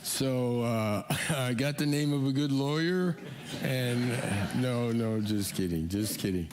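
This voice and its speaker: An older man emcees an expo in a church hall and tells light jokes. He talks slowly, with fillers and restarts. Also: mid-range voice, expressive, a little mellow. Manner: joking, halting with fillers and restarts. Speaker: event host with Parkinson's. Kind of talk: casual stage emcee talk.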